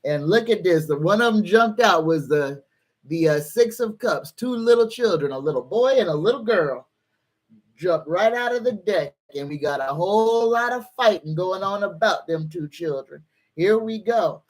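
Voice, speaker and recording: A woman's voice: fairly low pitch, expressive, moderate pace. A woman hosting a live-stream tarot reading. She chats with viewers and greets them by name, and she calls on the universe and her spirit guides. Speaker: psychic tarot card reader.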